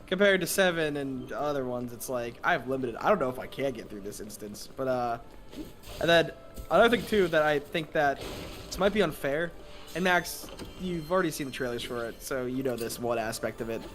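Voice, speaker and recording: A man's voice: medium pitch, lively intonation, a little fast, fairly bright tone, a little hiss or hum. A young man co-hosting a casual gaming stream, rambling with lots of fillers and frequent laughs. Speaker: streamer co-host.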